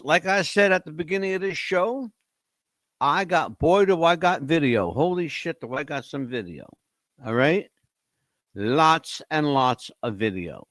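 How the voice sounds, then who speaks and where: A man's voice: fairly high pitch, dry recording. A man hosting a casual podcast, talking straight to his viewers, asking question after question and often repeating words as he goes. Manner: animated, questioning, addresses chat by name. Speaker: podcast host. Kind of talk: casual livestream talk to viewers.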